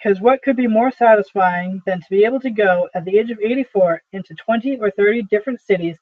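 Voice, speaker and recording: Guy reading as tired old salesman, high-ish voice, rambly earnest stories, tinny phone-like sound. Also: fast. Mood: earnest, nostalgic. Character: aging weary male traveling salesman, pleading. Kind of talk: amateur play reading.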